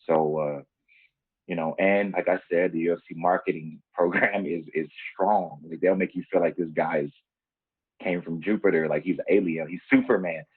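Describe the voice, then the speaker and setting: A man's voice: low voice, fairly even intonation, moderate pace, breathy edge, no echo. A man, a fighter guest on a podcast, talking earnestly from his own experience in casual chat. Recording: tinny phone-like line.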